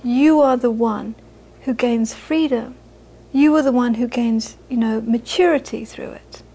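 A woman's voice: a little high, unhurried, mellow, husky, poor audio. A woman giving a live Buddhist talk to an audience, earnest and repeating phrases for emphasis. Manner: earnest, repeats phrases for emphasis, laughs while telling stories. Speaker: Buddhist teacher.

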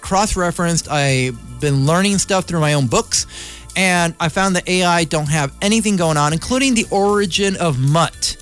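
A man's voice: high voice, fairly bright tone. A man talking in a rambling, opinionated casual monologue, full of restarts and asides. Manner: meandering, opinionated, with frequent restarts.

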